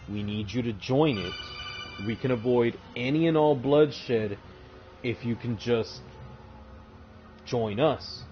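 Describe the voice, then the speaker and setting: A man voicing a male warlord commander in his own casual, laid-back way, calmly persuading a planet to surrender. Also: lowish voice, highs cut off, slight background noise, natural voice.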